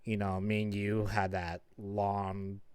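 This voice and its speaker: A man's voice: on the low side, completely flat delivery, slow pace, a little mellow, clear, resonant tone, no room sound. A man hosting a stream in casual chat, laid-back and loose, swearing freely. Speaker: stream host.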